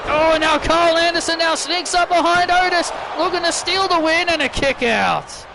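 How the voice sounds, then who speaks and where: A man doing excitable play-by-play wrestling commentary over a video game, repeating himself and bursting into shouts. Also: very high voice, moderate pace, gravelly, a crowd in the background, noisy background.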